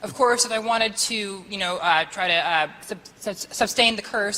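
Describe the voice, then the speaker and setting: Man with a very high, light voice. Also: expressive, moderate pace, few pauses, in a large hall, background noise. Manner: laughs often, stammers and restarts. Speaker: guest. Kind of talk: talk show chat.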